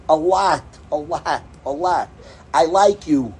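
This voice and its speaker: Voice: mid-range voice, takes it slowly, a little mellow, slightly rough, poor audio. An adult giving an impassioned religious talk to a gathering, emphatic and repetitive, with broken-off phrases and Hebrew and Yiddish terms mixed in. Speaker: speaker addressing a religious gathering.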